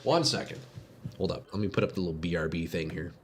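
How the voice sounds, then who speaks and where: A man streaming a game live, chatting casually with viewers, excitable and swearing, sniffling from a runny nose. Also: low-pitched, quick pace, slight background noise. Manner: excitable, swears, calls chat "bro" and "dude". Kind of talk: casual live gameplay chat.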